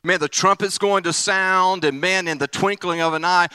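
A man preaching an energetic, playful sermon at a camp meeting, swinging from excited calls to the crowd to hushed, earnest reflection. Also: high voice, a little slow, clean tone, dry recording.

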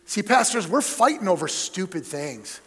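A middle-aged man preaching to a room of pastors in a high, light voice. He tells stories, swinging from emphatic, near-shouted points to hushed asides, and his words ring out with a long hall reverb. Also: very animated, moderate pace, husky. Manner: storytelling, emphatic then dropping to soft asides. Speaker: denominational superintendent preaching to pastors. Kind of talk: sermon.

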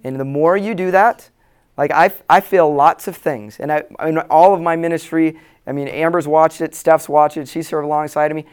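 A pastor addresses church leaders in a room, his voice clear and a touch higher than most men's. He talks in an earnest, plain way and repeats his main points for weight. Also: fairly even intonation, normal speed. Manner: earnest, plain-spoken, repeats key lines for emphasis. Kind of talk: conference talk to church leaders. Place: room with a live audience.

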